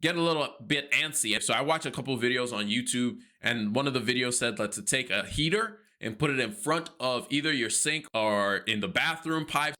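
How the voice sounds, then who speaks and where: Man, bright clear tone, animated storyteller, acts out his own reactions, earnest and devout, personal finance vlog. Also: medium pitch.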